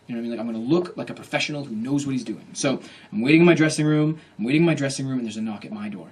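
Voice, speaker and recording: A man telling a comic story to a live bookstore audience, animated and acting out other people's voices. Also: mid-range voice, very fast, breathy edge. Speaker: author at a bookstore reading. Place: bookstore event room.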